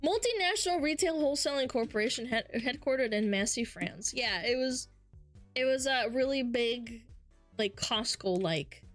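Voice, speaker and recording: High-voiced, foul-mouthed young woman streamer. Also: normal speed, faint music behind. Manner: profane, animated storytelling. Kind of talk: casual chat reading chat.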